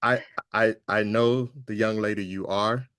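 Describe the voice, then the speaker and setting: A man hosting an interview, speaking in a halting, hesitant way with many pauses and restarts. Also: lowish voice, fairly even intonation, fairly bright tone, smooth, dry recording, studio quality. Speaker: host. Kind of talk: casual interview conversation.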